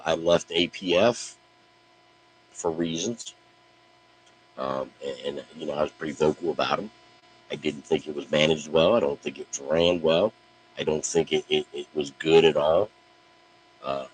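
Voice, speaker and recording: A man's voice: extremely low pitch, slight background noise, low-quality recording. A middle-aged man ranting bluntly to camera, profane and brash, often stammering on the first words of a sentence. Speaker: online wrestling promo talker. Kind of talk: blunt direct-to-camera rant.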